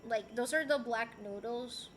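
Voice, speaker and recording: A woman's voice: fairly high pitch, a little slow, a bit bright, slight background noise. A young woman from Rico, chatting casually and playfully on a livestream as she reads and answers chat messages. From Puerto Rico. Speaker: streamer.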